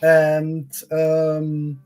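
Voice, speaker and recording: A livestream panelist in casual chat, halting and full of fillers. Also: medium pitch, completely flat delivery, a little mellow, clean tone, soft background music, rough recording.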